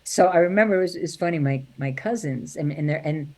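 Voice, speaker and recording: A woman's voice: low voice, brisk, darkish tone. A middle-aged woman, a singer and comedian, telling family stories in an interview, acting out relatives' voices and laughing often. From New York. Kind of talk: animated storytelling interview.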